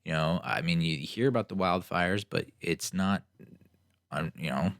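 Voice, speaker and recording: A young man from New Jersey hosting a podcast, telling stories in a casual, animated, sarcastic way and acting out what other people said. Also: low-pitched, a little slow, creaky, no echo, studio quality. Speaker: podcast host. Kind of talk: casual solo storytelling.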